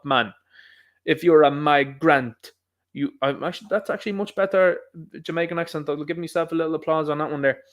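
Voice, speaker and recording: A young Irish man hosting a solo podcast, talking in a rambling, emphatic way with quick asides. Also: a little high. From Ireland. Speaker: podcast host. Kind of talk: solo commentary monologue.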